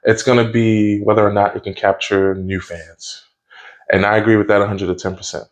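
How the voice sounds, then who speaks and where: A man's voice: on the low side, flat delivery, fairly quick. A man giving a casual spoken review of a TV episode, easygoing and rambling, with lots of fillers and restarts. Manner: rambling, with frequent fillers and self-corrections; easygoing and conversational.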